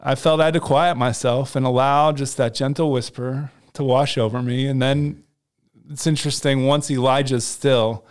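A man's voice: mid-range voice, fairly even intonation, normal speed, clean tone. A man telling a personal faith story in a casual conversation, earnest, with frequent restarts.

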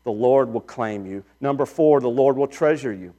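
A middle-aged pastor preaching a sermon, swinging between loud emphatic lines and quiet asides. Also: male voice, medium pitch, normal speed, dull audio.

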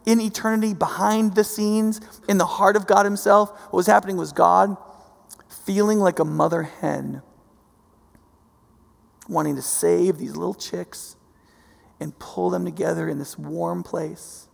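A man preaching a sermon, animated, swinging from soft to loud and often repeating himself. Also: high voice, unhurried. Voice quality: gravelly. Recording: long hall reverb.

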